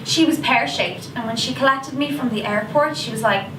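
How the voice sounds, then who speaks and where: A chatty, confessional Irish teenage schoolgirl, acted by a woman in a stage monologue, her voice pitched high. She slips into gossipy asides with a sheepish yet defiant air. The sound comes from a distant mic in an echoey room over a noisy video call. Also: moderate pace, lightly acted. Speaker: stage actor performing a monologue. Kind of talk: theatrical monologue.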